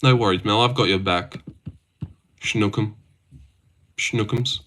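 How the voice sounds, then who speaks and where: A man's voice: mid-range voice, a little slow, pauses often, fairly bright tone, a little hiss or hum. A young man livestreaming, casually reading viewer messages aloud and teasing his chat. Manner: reads viewer messages aloud and teases chatters.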